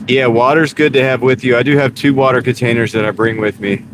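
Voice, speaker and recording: Man, mid-pitched, easygoing live-stream chatter from a moving car, clear road hum behind. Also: fast. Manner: laid-back, answers chat by name, mutters over order offers. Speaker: delivery driver streaming live. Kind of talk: casual live-stream chat. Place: inside a car while driving. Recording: steady car road noise. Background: car engine and road noise.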